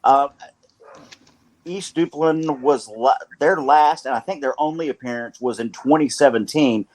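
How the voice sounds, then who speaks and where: A man's voice: mid-range voice, a little slow, a little mellow. A man hosting a sports radio show with a North Carolina accent, talking in a playful, rambling way and correcting himself as he goes.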